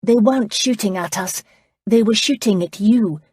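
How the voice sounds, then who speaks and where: A woman narrator voicing a serious, wary young woman with a crisp accent who speaks in a guarded, earnest way. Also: medium pitch, moderate pace, a little mellow, dry recording, clean studio sound, pitched above the performer's own voice, natural voice.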